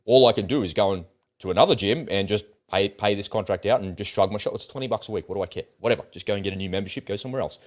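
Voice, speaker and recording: A middle-aged man, hosting his own channel and telling a story in a blunt, animated way. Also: lowish voice, very fast. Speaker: host of political commentary channel. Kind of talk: casual opinionated monologue.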